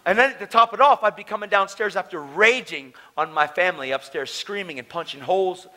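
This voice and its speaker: A man's voice: high-pitched, fairly quick, pushed and bright. A man preaching a testimony at a conference, telling his story in a casual, slangy way. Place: conference hall.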